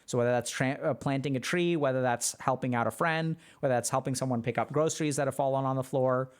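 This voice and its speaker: A man on a livestream, answering chat questions in a loose, chatty way full of fillers. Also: medium pitch. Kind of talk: casual livestream talk.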